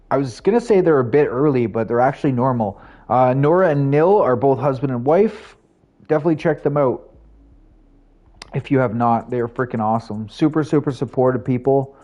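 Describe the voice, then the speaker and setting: A young man live streaming and chatting casually with viewers, rambling, laughing at himself and jumping into high voices for quotes. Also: normal speed, darkish tone, lo-fi sound. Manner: rambling, self-mocking, laughs often, jumps pitch for quoted voices.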